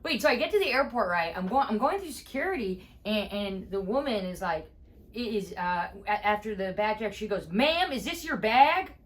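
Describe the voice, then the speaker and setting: A woman comedian telling a story in a podcast chat, animated, acting out each exchange as she goes. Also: mid-range voice, fairly quick. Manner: animated, acts out every exchange with "I'm like".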